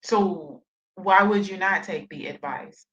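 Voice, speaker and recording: A woman's voice: fairly low pitch, slow pace, a bit bright. Woman reacting on stream, blunt, cussing, scolding, muffled lo-fi audio. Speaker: reaction commentator. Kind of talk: livestream reaction commentary.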